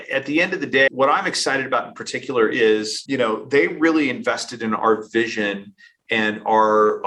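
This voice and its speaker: A middle-aged man, a company CEO, talking fast and animatedly in a casual business interview, often restarting his sentences. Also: medium pitch, pushed and bright, rough recording. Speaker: company CEO, podcast guest.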